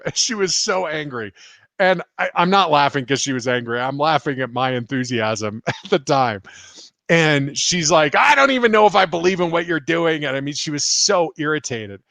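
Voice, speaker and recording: A man's voice: on the high side, normal speed, vocal fry, no echo. A man, a spiritual teacher and healer from the United States, answering viewer questions on a live stream and telling stories with frequent laughter. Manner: laughs often, animated retelling.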